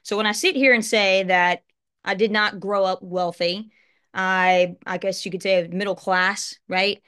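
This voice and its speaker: A woman's voice: mid-range voice, fairly even intonation, measured pace, fairly bright tone, clean tone. A woman in her late thirties telling her own story earnestly in a motivational talk, addressing listeners with conversational asides. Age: late 30s. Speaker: life insurance brokerage partner.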